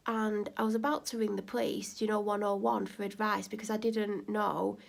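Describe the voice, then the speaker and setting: A woman vlogging casually, retelling a neighbour dispute animatedly and getting louder at heated moments. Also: medium pitch, normal speed, gravelly. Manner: animated, rising to near-shouting when retelling an argument. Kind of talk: casual storytelling vlog.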